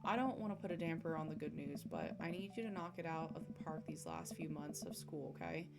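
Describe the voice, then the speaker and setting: With a low-pitched voice and a fairly quick delivery, a young woman streams a dating sim and voices its characters aloud. She reacts between lines, animated and full of giggles, over background music.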